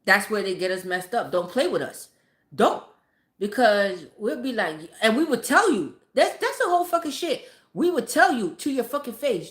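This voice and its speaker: A woman's voice: a little high, big pitch swings, normal speed, a bit bright. A woman vlogger ranting bluntly and profanely, in a casual, emphatic way. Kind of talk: casual motivational rant. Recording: echoey room.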